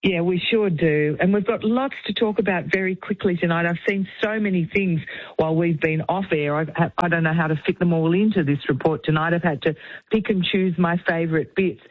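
A man's voice: high-pitched, brisk, no room sound. A man calling into a radio show as showbiz reporter, eager and bubbly. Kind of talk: casual radio chat. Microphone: phone. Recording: phone line.

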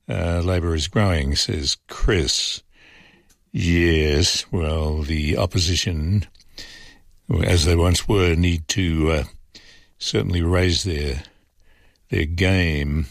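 A man's voice: low-pitched, steady tone, extremely slow, vocal fry, long pauses, no echo, clean studio sound. A man hosting a talkback radio show, reading listener messages aloud and giving frank, conversational opinions with frequent ums and uhs. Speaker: fill-in talkback radio host.

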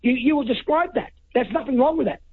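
A man's voice: very high voice, animated, brisk, crowd noise. An Australian man calling in to talkback radio, speaking bluntly and emphatically, rambling and repeating himself. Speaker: caller. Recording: dull lo-fi call-in audio.

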